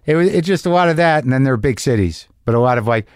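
A man's voice: mid-range voice, animated, fast talker, few pauses, smooth, no room sound, studio quality. A middle-aged man hosting his podcast in a rambling, profane, self-deprecating monologue, with a slight lisp. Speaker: podcast host. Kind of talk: casual monologue.

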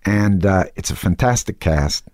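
A man talking casually as an actor guest in an interview, halting, with many restarts and fillers. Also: sits low, lively intonation, a little mellow, no echo, studio quality.

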